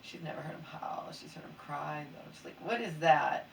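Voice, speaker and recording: A woman's voice: low voice, monotone, a little fast, vocal fry. Sleepy rambling woman, roomy and distant. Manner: rambling, often drops to a near whisper. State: sleepy and mildly hungover. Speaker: vlogger. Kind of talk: casual late-night venting chat. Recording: roomy echo, mic at a distance, faint background hiss.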